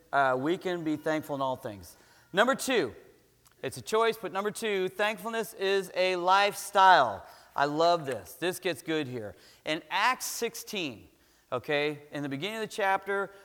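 A man's voice: on the high side, fairly bright tone. A middle-aged man from Florida preaching a sermon in a chatty, conversational way, often checking in with the congregation. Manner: conversational, keeps checking in with "right?". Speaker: pastor. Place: church sanctuary. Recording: long reverb of a large church hall.

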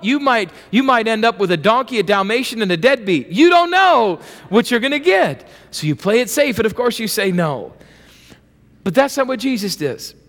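A man preaching a sermon with playful asides, acting out voices and lively emphasis. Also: high-pitched. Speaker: pastor. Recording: long reverb of a large hall.

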